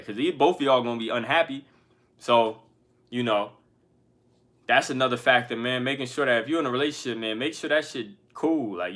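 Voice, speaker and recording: A man with a mid-range, fairly bright voice gives his viewers a casual pep talk to camera. He makes music and hosts the channel, and his everyday speech is frank, slangy, and profane.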